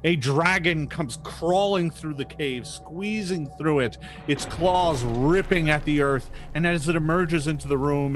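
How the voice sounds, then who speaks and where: A man's voice: on the high side, measured pace, hardly any pauses. A man narrating as game master of a tabletop game, describing the scene vividly.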